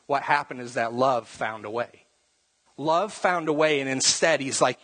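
A man's voice: medium pitch, unhurried, fairly bright tone. A man preaching a conversational sermon, often repeating words as he goes and briefly acting out the voices of the people in his story. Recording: long reverb.

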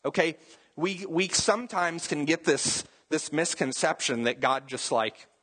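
A man's voice: on the high side, lively intonation, a little slow, fairly bright tone, breathy edge. A young adult man, a pastor, preaching a sermon in a casual, conversational way with joking asides.

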